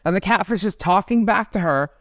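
A man's voice: high voice, a little fast, a bit bright, no room sound, clean studio sound. A man as podcast guest, telling stories casually with profanity and mocking impressions.

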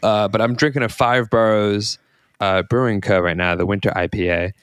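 Excitable man hosting a podcast. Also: on the low side, moderate pace, smooth, dry recording, studio quality. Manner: excitable, rambling, many fillers and restarts. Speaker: podcast host. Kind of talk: casual podcast chat.

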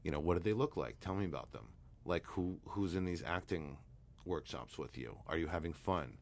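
A man, a hypnotherapist guest, telling a long anecdote in a relaxed, rambling way with many fillers. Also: low voice, moderate pace, vocal fry. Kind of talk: storytelling interview talk.

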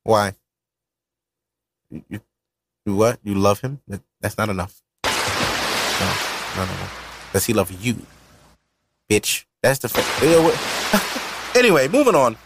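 A man's voice: lowish voice, slow pace, long pauses, noisy background. A man hosting a podcast, chatting casually and swearing often as he jokes and rants between hip-hop records. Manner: animated, profane, ranting and joking. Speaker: podcast host. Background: hip-hop music playing.

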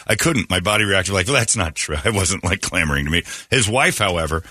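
A man's voice: low voice, fairly quick, slightly rough, no echo, studio quality. A man who hosts radio, telling stories in casual chat and mimicking the people he met. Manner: animated storyteller, mimics voices. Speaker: radio host.

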